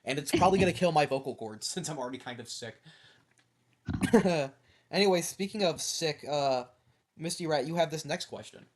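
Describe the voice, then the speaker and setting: A man's voice: on the high side, expressive, slight background noise. A teenage man hosting a casual podcast, moving the conversation between questions. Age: teens. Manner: moves the questions along, quick laughs. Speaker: podcast host.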